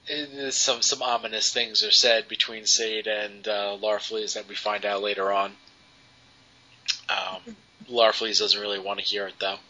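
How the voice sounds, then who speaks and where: A man's voice: on the low side, sharp tone. A man co-hosting a podcast, reviewing comics in casual chat with many ums and restarts. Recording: dull lo-fi podcast audio.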